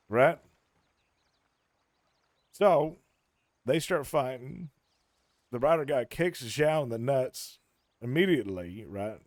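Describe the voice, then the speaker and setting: A somewhat high-pitched man's voice is captured dry and at studio quality. He's a streamer casually recounting a long story to friends on a call, animated and profane, acting out people's quotes as he goes.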